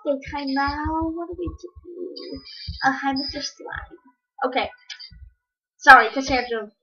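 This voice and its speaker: A woman giving casual, rambling commentary while playing a game, breaking into sudden excited yelps. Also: sits high, unhurried. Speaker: gamer. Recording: dull lo-fi recording.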